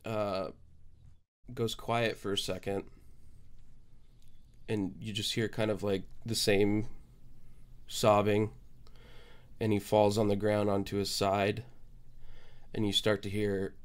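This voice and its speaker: A man narrating as game master, halting and full of fillers. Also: on the low side, little pitch movement, clear, resonant tone.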